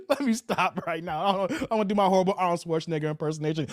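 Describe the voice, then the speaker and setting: Lively high-voiced man hosting a stream. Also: fast, no room sound, clean studio sound. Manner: animated, laughing, talks to chat and reads out comments. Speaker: host reacting to clips. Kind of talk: live-stream reaction commentary.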